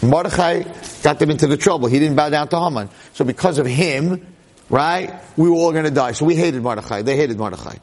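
A man giving a storytelling Torah lecture as a rabbi, dramatic and conversational, swinging from hushed lines to excited exclamations. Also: on the high side, fairly quick. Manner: conversational, with frequent asides.

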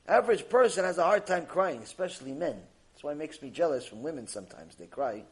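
A Torah teacher with a slightly high voice delivers a mussar lecture on Jewish ethics. He is animated, acts out little dialogues, and reads Hebrew passages quickly.

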